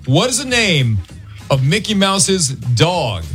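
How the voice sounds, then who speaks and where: A middle-aged man hosts morning radio with an animated, swinging voice that rises and falls freely. He banters and teases in a playful way, and faint music runs behind him. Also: on the high side, takes it slowly. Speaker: radio show host.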